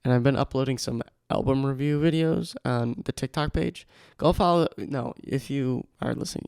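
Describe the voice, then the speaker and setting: Young male podcast host, self-mocking and rambling; gravelly, dry close mic. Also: mid-range voice, normal speed, darkish tone, no room sound. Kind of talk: casual solo podcast talk. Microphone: studio microphone.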